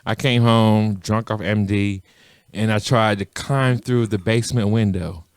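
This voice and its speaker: A man's voice: lowish voice, steady tone, measured pace, clean tone, no room sound. Joking man bantering on a podcast. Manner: joking, teasing, mock-legal quips. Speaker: podcast co-host. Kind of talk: casual banter.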